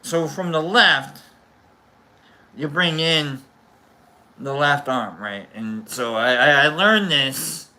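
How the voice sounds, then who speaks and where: Bright rambling man chatting casually. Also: a little high, expressive, slow pace, pauses often. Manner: rambling, self-interrupting, jokey. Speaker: host. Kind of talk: casual chat.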